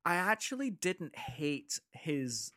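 A man's voice: a little high, takes it slowly. A man chatting casually about a film, telling stories with lots of restarts. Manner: animated storyteller, many restarts.

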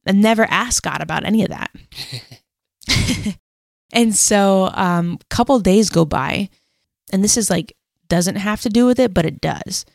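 A woman's voice: mid-range voice, unhurried, gravelly, long pauses, dry recording, studio quality. A woman co-hosting a casual faith podcast, telling a story in a chatty, rambling way full of "like" and self-deprecating laughs. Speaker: podcast co-host.

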